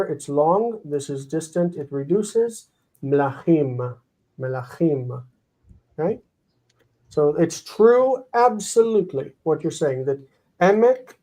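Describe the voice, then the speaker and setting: A man teaching a live online grammar lesson, sounding out words slowly and explaining their forms. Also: on the high side, dark tone, poor audio. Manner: explains, repeats words slowly, reads out comments.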